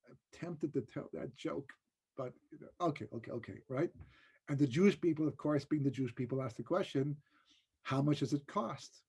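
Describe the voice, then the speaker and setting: A rabbi giving a conversational, joking Torah class in a webinar, often checking in with the listeners. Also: male voice, a little high, fairly quick, warm tone, slightly rough. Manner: conversational and joking, with frequent rhetorical "right?". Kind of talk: casual Torah lecture over a webinar.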